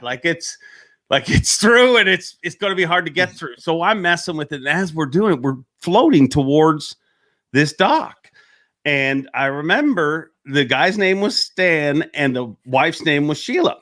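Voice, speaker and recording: A man chats casually about fishing, his voice sitting fairly high. His tone is bright and forceful, and he rambles through his tales, laughing at his own jokes. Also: animated, a little slow. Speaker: professional angler telling stories. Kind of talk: casual chat.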